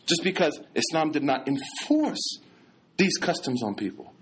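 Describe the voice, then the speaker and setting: An American man, an imam, giving a lively religious lecture in casual street slang mixed with scholarly terms. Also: fairly high pitch, brisk. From United States.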